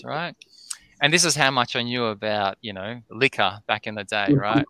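A man's voice: medium pitch, normal speed, gravelly, smooth, dry recording. A middle-aged Australian man telling a long, rambling story as a guest on a podcast, full of ums and "right?". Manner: rambling, excitable, lots of "um" and "right?". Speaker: distillery founder, guest.

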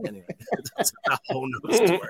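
Here the middle-aged Australian distillery owner sounds a little high and a little fast. Guesting on a casual podcast interview, he swears, speaks bluntly and tells his stories with animation.

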